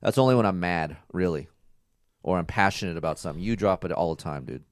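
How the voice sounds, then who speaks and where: Deep-voiced and quick, this podcast co-host talks casually with his partner, dispensing crude, no-nonsense advice like a lecture. The sound is clean studio audio with no room echo.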